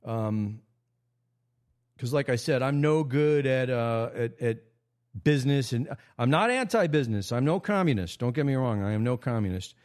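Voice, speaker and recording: A man from America hosting a casual livestream monologue, rambling with frequent restarts and sudden jumps in pitch. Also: lively intonation, normal speed, a little mellow. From United States. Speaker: host.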